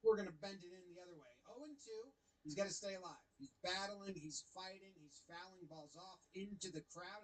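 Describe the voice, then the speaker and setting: A young man casually commentating baseball highlights, animated and playfully mocking the umpire. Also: rough recording.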